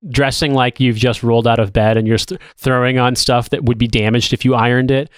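A man's voice: medium pitch, little pitch movement, brisk, smooth, no echo, clean studio sound. Casual swearing male podcast co-host. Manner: rambling, swears freely. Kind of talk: casual chat.

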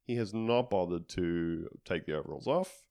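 A man's voice: low voice, expressive, normal speed, warm tone. A man co-hosting a comedy podcast, casually recapping a TV episode with rambling jokes and lots of fillers.

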